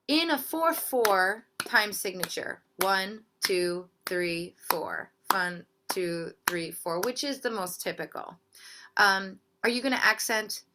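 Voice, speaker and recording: A woman teaching a ukulele workshop, explaining strums and counting beats aloud. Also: medium pitch. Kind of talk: music lesson with playing and counting. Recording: loud ukulele behind voice.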